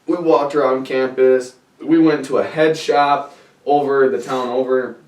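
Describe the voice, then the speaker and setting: Speaking at a measured pace in a mid-range voice, a man rambles through a story for a podcast, cursing a lot and getting animated when recounting what happened. The conversational storytelling sounds roomy, picked up away from the mic.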